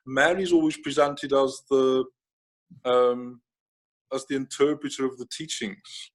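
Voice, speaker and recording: A man from Germany, a spiritual author, talking in a relaxed interview with frequent restarts and hesitant fillers. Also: mid-range voice, measured pace, long pauses. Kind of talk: casual interview conversation.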